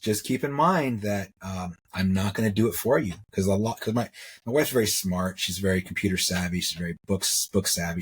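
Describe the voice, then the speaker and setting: A man's voice: deep voice, a little hiss or hum. A middle-aged man, a jewelry maker, telling his story in a rambling, casual way, repeating words and acting out what others said. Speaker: interview guest, metalsmith.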